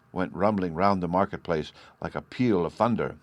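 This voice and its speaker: A man narrating an audiobook in a steady, measured storytelling style. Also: low voice, dry recording.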